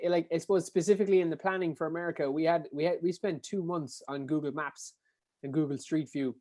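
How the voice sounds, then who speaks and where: A man with a Kerry Irish accent telling stories as a podcast guest, animated and swearing casually. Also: fairly high pitch. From Ireland. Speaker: podcast guest, endurance athlete. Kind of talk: casual storytelling.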